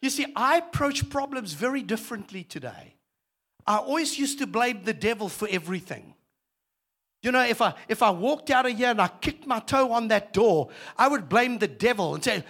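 A man preaching as a guest speaker, lively and humorous, moving between loud exhortation and quiet asides. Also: very high-pitched, moderate pace. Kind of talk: sermon.

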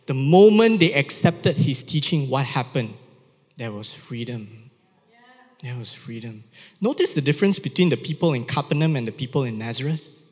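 Emphatic preacher in a reverberant hall. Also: male voice, mid-range voice, sing-song, normal speed, a little mellow, breathy edge. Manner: emphatic, repeats key phrases, asks the audience questions. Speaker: pastor. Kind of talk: sermon. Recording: long reverb of a large hall.

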